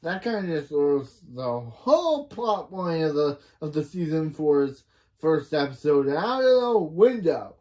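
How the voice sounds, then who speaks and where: Mellow-voiced reviewer recapping a TV episode. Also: medium pitch, very animated, a little slow. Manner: retells scenes line by line, with frequent restarts and opinion asides. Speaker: reaction reviewer. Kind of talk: casual episode recap and commentary.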